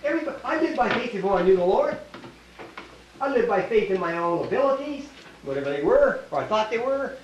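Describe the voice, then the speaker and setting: A high-pitched older man with a Canadian accent talks fairly quickly with big pitch swings, and the highs are cut off. Teaching a Bible class in a small church hall, he's emphatic, repetitive, and keeps quizzing his listeners. Expect an echoey room, a distant mic, and faint hiss.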